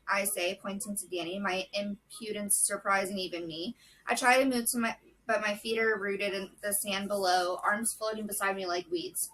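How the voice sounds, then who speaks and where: A woman reading a novel chapter aloud in a steady, measured way, with brief casual asides. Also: medium pitch, far from the mic, rough recording. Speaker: book vlogger.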